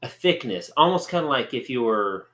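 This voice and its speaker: A man's voice: medium pitch, very animated, normal speed, pushed and bright, roomy sound. A man co-hosting a podcast, chatting in a rambling, joking, playful way. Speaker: podcast co-host. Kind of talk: casual chat.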